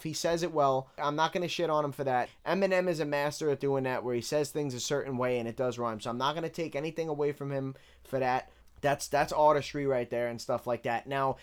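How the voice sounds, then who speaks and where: A man casually breaking down rap lyrics bar by bar, candid and relaxed as he counts the rhymes. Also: on the high side, clean tone. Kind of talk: casual analytical commentary.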